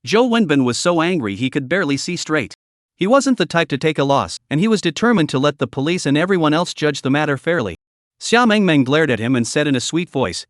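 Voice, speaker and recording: Lively dry-voiced male recap narrator. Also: a little high, a little fast, no echo.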